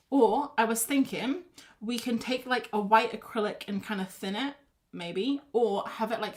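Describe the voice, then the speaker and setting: A woman chatting casually to her viewers while painting at her home art desk, rambling and restarting her sentences often. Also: mid-range voice. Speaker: art livestreamer.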